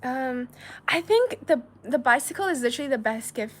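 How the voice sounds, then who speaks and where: A woman from China hosts a casual livestream, her high-pitched voice full of lively intonation at a normal speed. She reads viewer messages aloud in a chatty, giggly way, using lots of filler words.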